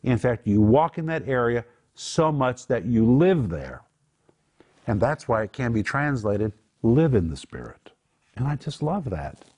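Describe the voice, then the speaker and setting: A man's voice: medium pitch, very animated, unhurried, mellow, slightly rough. Emphatic older man teaching scripture. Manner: earnest, emphatic, explains Greek words. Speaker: Bible teacher and show host. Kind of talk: TV Bible teaching.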